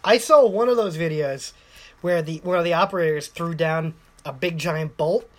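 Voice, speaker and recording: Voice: medium pitch, moderate pace. A laid-back co-host on a casual podcast who mostly gives short replies and laughs along. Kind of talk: casual chat.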